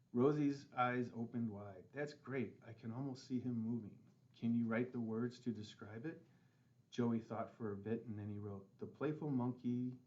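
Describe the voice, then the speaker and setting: Man with a lowish voice reading a kids' book aloud, dull recording. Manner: gentle storytelling with light character voices. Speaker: school board president reading aloud. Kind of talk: children's book read-aloud.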